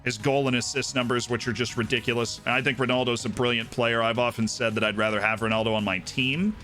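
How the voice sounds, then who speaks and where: A man's voice: mid-range voice, steady tone, fast, pushed and bright, soft background music. A man streaming live, rambling through his opinions in casual chat and often checking in with "right?".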